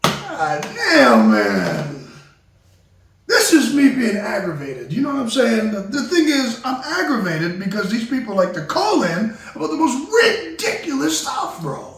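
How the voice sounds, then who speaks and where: A male host rants and curses in a wildly animated voice that jumps around in pitch. He talks from some distance to the mic. The room rings with a lot of echo. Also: moderate pace, hardly any pauses. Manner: loud, excitable, cursing, swings between ranting and sentimental. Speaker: talk show host. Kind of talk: comedic talk show rant.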